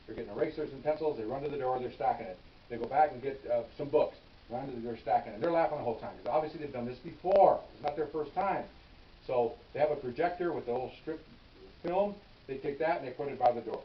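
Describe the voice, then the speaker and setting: An older man, a veteran police officer, telling his stories in a casual, animated way, often restarting phrases and checking in with "okay?". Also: mid-range voice, quick pace. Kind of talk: casual storytelling. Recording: echoey room, distant mic, dull and hissy.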